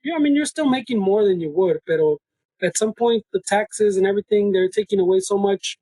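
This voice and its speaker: A man's voice: high-pitched, a little fast, dark tone, dry recording, poor audio. A man with a Chicano English accent, co-hosting a casual podcast conversation. He tells stories with plenty of cursing over a video call and mixes Spanish into his English. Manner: profane, laughing storytelling. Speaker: podcast co-host.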